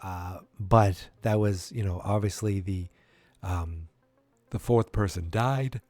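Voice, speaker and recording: A man's voice: sits low, measured pace, a little mellow, no echo, faint music behind. A man hosting a solo podcast, speculating as a fan in a rambling, earnest way with many restarts. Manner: earnest, fannish enthusiasm. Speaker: podcast host.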